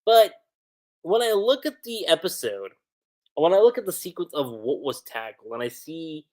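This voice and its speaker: A man hosting a livestream anime review, recapping the episode in an excitable, slangy way. His pitch jumps around a lot as he talks.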